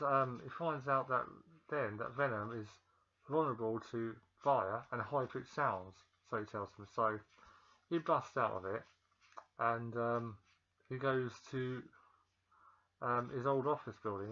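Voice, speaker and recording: A man's voice: mid-range voice, pushed and bright. Rambling man, dull lo-fi sound. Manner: rambling, with many ums and restarts. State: feeling ill, pausing to cough. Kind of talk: casual film recap.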